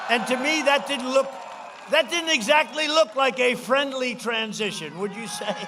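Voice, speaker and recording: A man giving a campaign rally speech at a podium microphone. He rambles and repeats himself, mimics his opponents mockingly, and breaks into shouted punchlines. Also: extremely high pitch, a little slow, crowd noise, background noise. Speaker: politician addressing a rally. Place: large political rally.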